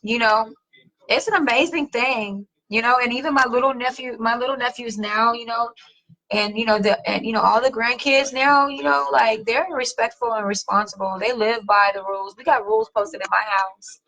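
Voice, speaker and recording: A middle-aged woman hosting a casual chat, reading viewer comments, slangy and animated, swearing casually and laughing often. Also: fairly high pitch, normal speed, rough recording. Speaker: host.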